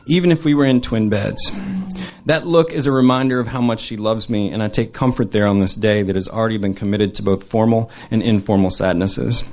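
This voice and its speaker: A man's voice: on the low side, darkish tone. Man reading his own story aloud. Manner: earnest, measured reading in present tense. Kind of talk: reading a personal essay aloud at a live show.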